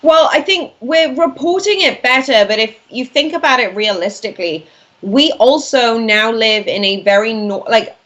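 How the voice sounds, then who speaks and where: A woman's voice: on the high side, normal speed, lo-fi sound. Chatty young woman raised in Wales. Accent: Welsh-born, speaking with an American-leaning accent. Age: 20s. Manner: chatty, animated, many "like" fillers. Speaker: guest commentator. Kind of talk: casual talk-radio interview.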